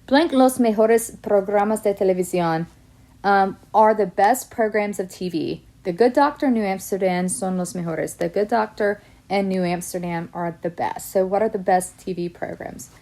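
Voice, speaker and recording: Speaking at normal speed in a mellow, mid-range voice, a woman leads a Spanish class on video. She reads out example sentences for her students and walks through every answer step by step.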